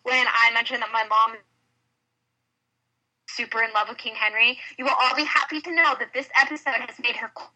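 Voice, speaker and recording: A woman co-hosting a podcast in casual chat, rambling and quick to laugh. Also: fairly high pitch, fairly even intonation, sharp tone, low-quality recording. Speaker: podcast co-host.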